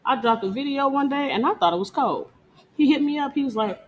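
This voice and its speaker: A woman's voice: high voice, brisk, heavy background noise. A woman dancer talking bluntly and profanely in a casual interview, laughing often and boasting. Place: Detroit.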